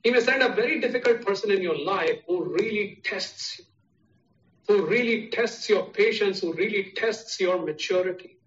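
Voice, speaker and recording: A man's voice: high-pitched, normal speed, a bit bright. A man with an Indian English accent preaching a sermon, stressing his points through repeated parallel phrases. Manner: repetitive, emphatic preaching with listed parallel phrases. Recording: echoey, distant, dull sound.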